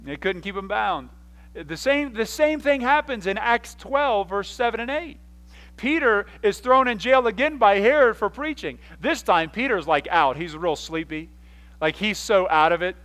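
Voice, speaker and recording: A man preaching a sermon in a somewhat high voice, full of energy. He acts out the stories with quick voices and sudden loud bursts, and he often restarts his sentences. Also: poor audio. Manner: animated storyteller, acts out scenes with quick voices and sudden shouts; frequent restarts and repeated words. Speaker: pastor.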